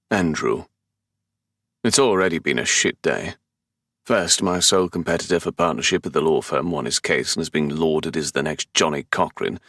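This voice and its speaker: A man's voice: a bass voice, a bit bright, husky, no echo. A man with a London English accent narrating a romance audiobook in the first person, with a dry, sardonic, exasperated manner. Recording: dry close studio sound.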